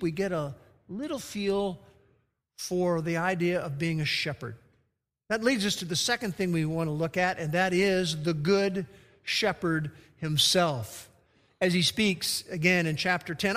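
A male pastor preaching a sermon, slowing down and dropping low to stress key words. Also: a bit bright. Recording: long hall reverb.

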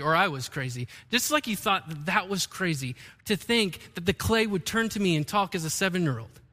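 A high, bright-voiced man preaching a sermon from the pulpit. He tells stories with animated energy and acts out the lines he quotes. His voice carries a long hall reverb. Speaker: pastor.

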